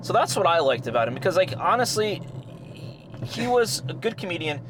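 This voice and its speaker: A young man talks casually and acts out the people in his stories, slipping into higher voices as he laughs. His voice sits a little high for a man. Steady noise runs under the recording. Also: brisk. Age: young adult. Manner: animated storyteller, acts out quotes with rising pitch and laughter. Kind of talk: casual chat, retelling stories.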